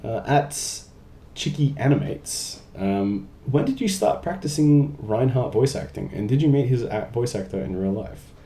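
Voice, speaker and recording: Lively chatty young man in echoey room. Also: mid-range voice, unhurried. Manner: chatty, jokey, reads questions aloud. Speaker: YouTuber answering fan questions. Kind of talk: casual Q&A vlog. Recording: roomy echo.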